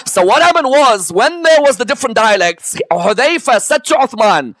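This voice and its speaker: A man's voice: very high-pitched, lively intonation, fairly bright tone, dry recording. A man giving a religious history lecture to a live audience, often asking rhetorical questions and checking in with "yes?" and "correct or no?". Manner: lists items one by one in a slow, emphatic way.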